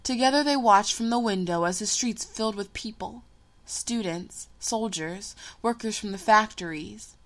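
A woman narrating a story in a measured, unhurried reading voice. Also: mid-range voice.

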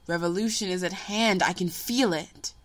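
A woman's voice: on the low side, moderate pace, close to an everyday voice. A woman reading a story, voicing an earnest seventeen-year-old boy who is eager and a little petulant. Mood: sulky. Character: earnest teenage boy, eager, sulky, impatient.

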